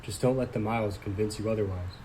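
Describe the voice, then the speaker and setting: A man's voice: lowish voice, fairly even intonation, fast talker, warm tone, a little hiss or hum, close to an everyday voice. An actor playing a young man's supportive, wisecracking nephew, easygoing and teasing.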